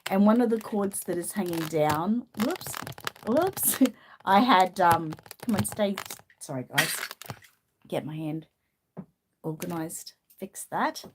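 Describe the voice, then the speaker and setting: A woman's voice: on the low side, unhurried, background noise. A woman from Australia with an Australian accent, hosting a casual live-stream chat, reading out viewer comments and laughing often. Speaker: channel host.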